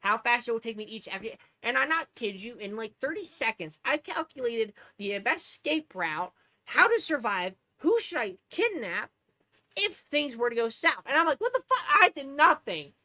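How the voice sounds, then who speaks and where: Lively, bright-voiced woman ranting casually. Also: a little high, normal speed, no room sound. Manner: profane, rambling, animated storytelling. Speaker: streamer.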